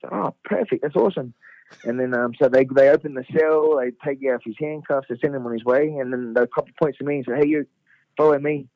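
Fast-talking Australian man telling yarns. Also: mid-range voice, no room sound. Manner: animated, laughs and swears freely, acts out quotes. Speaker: guest, fighter. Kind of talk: casual anecdotal storytelling. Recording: dull lo-fi radio sound.

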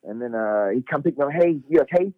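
A middle-aged Australian man, a fighter guest, telling a story in a casual, animated way, laughing and swearing freely. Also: mid-range voice, fast, no room sound. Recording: dull lo-fi radio sound.

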